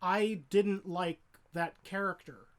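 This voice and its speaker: A man with a notably high voice chatting on a podcast. He keeps his replies short and dry, and he is quick to disagree. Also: fairly even intonation. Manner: dry, brief, contrary remarks. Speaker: podcast co-host. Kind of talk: casual podcast chat.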